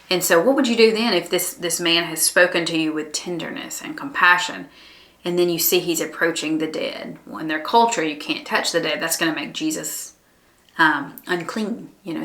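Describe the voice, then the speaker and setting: A woman gives a conversational Bible lesson with a lower-pitched but bright, forward voice. She speaks in an earnest, reflective way, pausing on ums and restarting thoughts. The room around her is noticeably echoey. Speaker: Bible study teacher.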